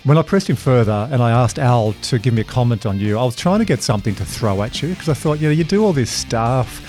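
Animated male podcast host. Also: medium pitch, fast. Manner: animated storyteller, mimics voices when retelling. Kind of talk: casual podcast conversation. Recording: dry close mic, faint guitar music.

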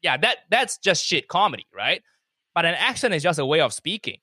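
A man's voice: on the high side, sing-song, fairly quick, bright, forceful tone, slightly rough, no room sound, clean studio sound. A man from Malaysia, a comedian, talking animatedly and emphatically in a casual chat. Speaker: comedian, podcast guest.

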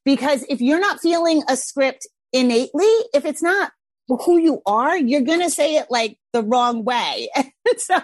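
A middle-aged woman and parenting coach chatting casually on a podcast, animated, laughing often and acting out little scenes. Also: high-pitched, measured pace, no room sound.

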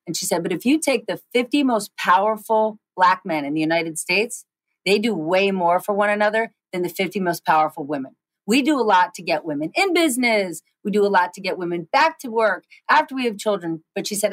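A woman in her forties, a guest in an interview, telling quick animated stories with frequent restarts. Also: medium pitch, dry recording, rough recording. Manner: animated, fast storytelling with many restarts. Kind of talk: storytelling interview chat.

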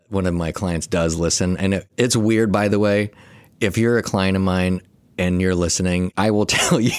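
A man's voice: low voice, no room sound. A man in his thirties, a therapist co-hosting a podcast, chatting casually and joking, often acting out what others said. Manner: jokey, laughing, quotes others in voices. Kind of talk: casual chat.

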